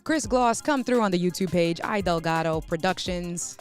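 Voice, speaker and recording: A woman's voice: fairly low pitch, moderate pace, faint music behind. Chatty New woman hosting a stream. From New York. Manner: lively, chatty, addresses viewers as y'all. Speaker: host. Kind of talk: casual live stream chat.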